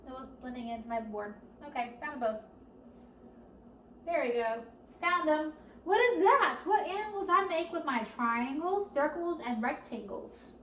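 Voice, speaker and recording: A woman leading a children's storytime at a library, speaking slowly and encouragingly and asking the children questions as she goes. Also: high-pitched, a little hiss or hum. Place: library room. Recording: roomy, distant camera audio.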